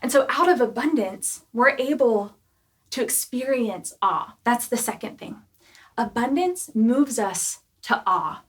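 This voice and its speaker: A young woman preaching a casual youth sermon, chatty and animated, full of "like" and "right?" asides. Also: on the high side, measured pace. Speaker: youth pastor.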